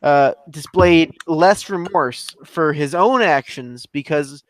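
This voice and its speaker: A man speaking deliberately in a casual livestream discussion. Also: fairly high pitch, no echo. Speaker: stream panelist.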